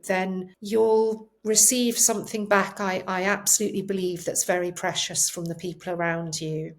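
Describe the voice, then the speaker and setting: A woman, a palliative care doctor, speaking earnestly and from the heart as a guest at home. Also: mid-range voice. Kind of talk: emotional conversational interview. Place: home, on a sofa.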